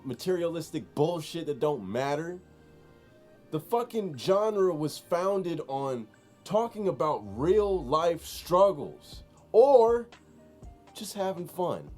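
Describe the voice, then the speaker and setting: A man's voice: a little high, very animated, slow, a little mellow, faint music behind. A man co-hosting a podcast in casual chat, reading out news stories and joking about them. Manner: joking, acts out quotes with exaggerated voices. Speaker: podcast co-host.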